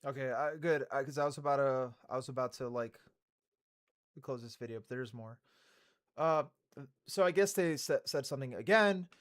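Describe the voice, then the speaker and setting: A man hosting a casual live-stream reaction, swearing in surprise and reading statements aloud haltingly with lots of fillers. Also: medium pitch. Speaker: streamer host reacting to a video.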